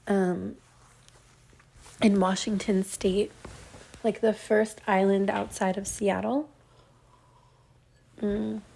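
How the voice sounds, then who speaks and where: A woman's voice: medium pitch, creaky, mellow, no room sound. A woman giving a casual spoken channeling message, rambling and dreamy with many fillers, a bit congested and stuffy. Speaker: spiritual channeler. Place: outdoors at dusk.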